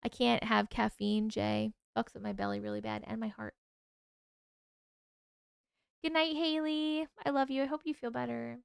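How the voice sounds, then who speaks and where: A woman's voice: fairly high pitch, fairly even intonation, brisk, vocal fry, clear, resonant tone, no room sound, clean studio sound. A woman hosting a late-night livestream, chatting sleepily with her viewers, swearing and yawning as she reacts to their stories. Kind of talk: casual livestream chat.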